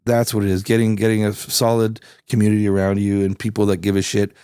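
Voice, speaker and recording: A middle-aged man with a Canadian accent, a musician guest telling stories in a casual interview, relaxed and swearing freely. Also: lowish voice, fast talker, smooth, dry recording, studio quality. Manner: relaxed, swears freely, animated when quoting people.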